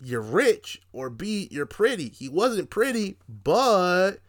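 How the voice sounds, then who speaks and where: A young man co-hosting a podcast, reviewing a movie in casual chat, animated and profane, laughing often and acting out quotes. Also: sits high, slow pace. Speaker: podcast co-host.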